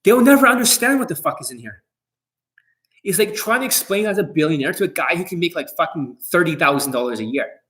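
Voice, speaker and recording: A dating coach, a man, delivers a boastful, profane monologue straight to his viewers. His voice sits a little high for a man, and he talks bluntly, with no softening. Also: animated, fast talker. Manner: blunt, boastful, heavy swearing.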